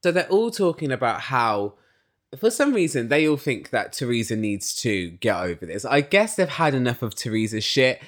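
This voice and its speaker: A man's voice: medium pitch, sing-song, moderate pace. A young man hosting a podcast, chatting casually and bluntly, often acting out quotes in his recap. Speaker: podcast host. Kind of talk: casual opinionated recap chat.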